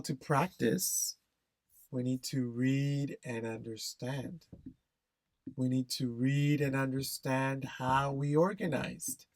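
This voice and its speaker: Slow, deliberate male test instructor. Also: medium pitch, darkish tone, no echo. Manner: slow, emphatic, repeats key phrases, checks with "okay?". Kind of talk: recorded exam-prep lesson.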